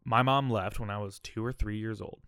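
Man around 30, podcast host, candid rambling storytelling, lowish voice, dry close sound. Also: steady tone, fairly quick, fairly bright tone, dry recording. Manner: candid, rambling, keeps adding "all right?" and "okay?". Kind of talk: personal storytelling monologue.

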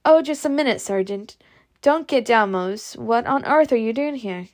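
Urgent southern belle, high and loud, read by a woman. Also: lively intonation, moderate pace, natural voice. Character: young Southern belle, willful and anxious.

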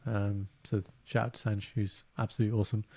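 A man co-hosting a casual podcast chat, animated and laughing, often mimicking others in high voices. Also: fast talker. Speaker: podcast co-host.

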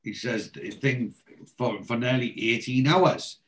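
A man's voice: medium pitch, measured pace, poor audio. A man hosting a casual chat, retelling TV scenes and quoting the characters' lines in a storytelling way. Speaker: podcast host.

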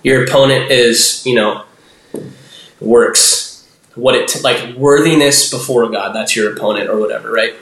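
A young man appears as a guest on a podcast, speaking unhurriedly in a mid-range, slightly bright voice. He rambles through casual interview talk, leaning heavily on "like," restarting sentences, and acting out voices. The recording has a noticeable roomy echo.

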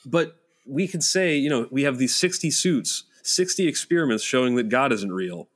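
A man's voice: medium pitch, lively intonation, moderate pace. A young man talking politics with his father on a podcast, earnest and argumentative, thinking aloud. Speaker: son, podcast guest. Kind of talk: casual political chat.

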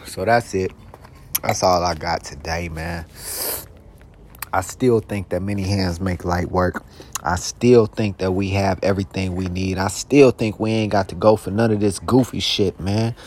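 A man's voice: sits low, fairly even intonation, unhurried, slight background noise. A young man hosting a podcast, talking alone in a rambling, profane, streetwise way, now and then flaring into heated questions. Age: young adult. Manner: heated bursts into shouted questions. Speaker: podcast host. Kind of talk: casual monologue.

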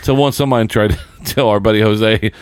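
A man's voice: lowish voice, steady tone, moderate pace, clean tone, no echo, clean studio sound. A man hosting a podcast, chatting casually and telling rambling stories with a lot of laughter. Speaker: podcast host. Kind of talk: casual chat.

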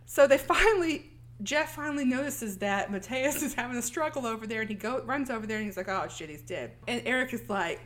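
A woman's voice: on the high side, lively intonation, a little fast. A woman co-hosting a podcast, casually recapping a film and acting out the characters' lines. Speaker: podcast co-host.

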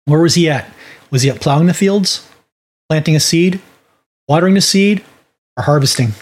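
A man's voice: on the high side, normal speed. A man teaching a Bible lesson on sharing faith, talking in a folksy, conversational way with restarts. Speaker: ministry teacher.

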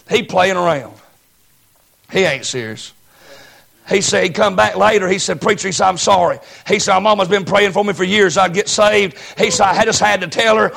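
Gravelly high-voiced preacher. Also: male voice. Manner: storytelling preacher, rising to shouts. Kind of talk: sermon.

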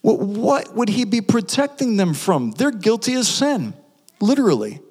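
A male pastor preaching a sermon, animated, asking the audience rhetorical questions. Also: sits high, normal speed, breathy edge. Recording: long hall reverb.

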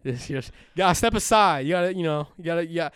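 A young man talking on a podcast with a fairly high, smooth, clean voice, recorded close and dry. He tells stories animatedly, swears freely, laughs often and slips into voices for the people he quotes. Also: expressive, quick pace, fairly bright tone, no room sound. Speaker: podcast co-host. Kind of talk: casual chat.

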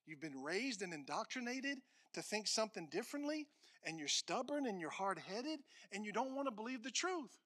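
A male pastor delivers a sermon in a high, ringing voice. He drives points home with repetition and swings from forceful declarations to quiet, hushed asides. The delivery is bright and insistent. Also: very animated, normal speed. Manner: emphatic preaching, repeating phrases, swings from loud to hushed.

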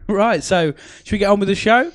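A man's voice: high-pitched, normal speed, no echo, clean studio sound. A man hosting a casual comedy podcast, jokey and teasing, laughing often at his friends. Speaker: podcast host. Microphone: podcast microphone.

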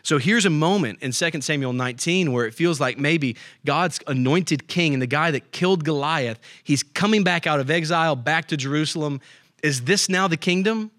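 A man's voice: fairly high pitch, normal speed, a bit bright, no room sound, studio quality. A man preaching a conversational sermon as a pastor, often checking in with his listeners. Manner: conversational, asks the room "right?".

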